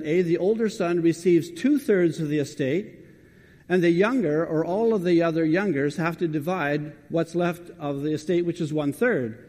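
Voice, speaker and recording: A man preaching a sermon in a church, his voice a touch high but mellow and dark in tone. He talks in a conversational way and keeps turning to the congregation with direct questions. His words ring out with the long reverb of a large hall.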